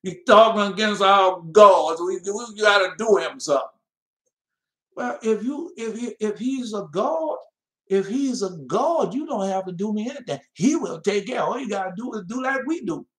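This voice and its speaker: Man preaching hard, high voice, goes loud then quiet, reads scripture real slow, room echo. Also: lively intonation. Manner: emphatic, swinging from loud to soft, mocking asides; slow, drawn-out scripture reading. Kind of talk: fiery Bible-study sermon.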